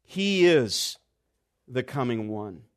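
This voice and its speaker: Slow, deliberate male preacher. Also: very animated. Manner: slow, deliberate emphasis, dropping low and quiet at phrase ends. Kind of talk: expository sermon.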